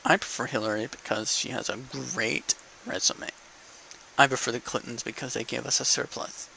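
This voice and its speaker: A man's voice: mid-range voice, steady tone, moderate pace, vocal fry, sharp tone, low-quality recording. A young man in a casual, profane political rant to camera, asking "okay?" between points. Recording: faint background noise.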